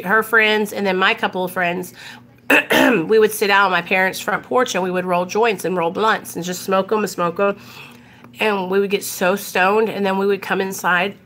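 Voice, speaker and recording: A woman's voice: mid-range voice, a bit bright. A woman in her twenties telling loose, candid stories to camera at home, laughing often and filling her talk with "like". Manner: coughs now and then. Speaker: vlogger. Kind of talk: casual storytelling to camera.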